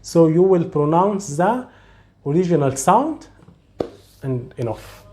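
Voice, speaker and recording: Male tutor, slightly high voice, slow, repeats points, recites examples. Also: big pitch swings, darkish tone, a little hiss or hum. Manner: patient, repetitive explanation with recited example words. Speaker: Arabic and Quran recitation teacher. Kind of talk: tutorial explaining a pronunciation rule.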